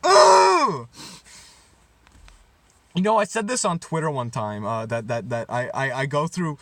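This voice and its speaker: A man's voice: mid-range voice, sing-song, moderate pace, no echo. Rambling young man, mock-serious rant. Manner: rambling, stumbling over his words, sarcastic outbursts. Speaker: comedy vlogger.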